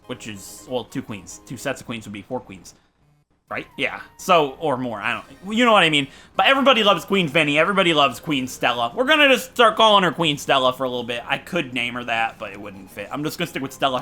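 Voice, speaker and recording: A man's voice: mid-range voice, sing-song, fairly quick, sharp tone. A man giving chatty, enthusiastic let's-play commentary over game music, rambling between thoughts. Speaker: gaming commentator.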